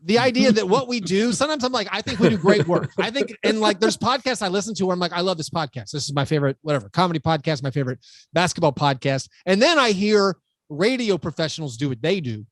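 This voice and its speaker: A man hosting a podcast in casual chat, energetic and self-deprecating, talking over a remote computer call. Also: high voice, fast talker, no echo, studio quality. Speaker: podcast host.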